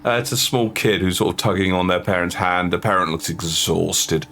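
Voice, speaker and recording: A man's voice: low-pitched, normal speed, a bit bright, a little hiss or hum. A man narrating as dungeon master, hesitant with frequent fillers. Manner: hesitant, many fillers and restarts. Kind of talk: narrating a tabletop game.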